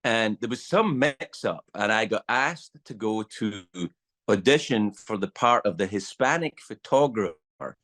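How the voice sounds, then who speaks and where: A man's voice: fairly low pitch, unhurried. A middle-aged Scottish man telling a story as a podcast guest, swearing freely and acting out the lines of the people in it. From Scotland. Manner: animated storyteller, acts out quotes, swears freely. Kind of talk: casual storytelling chat.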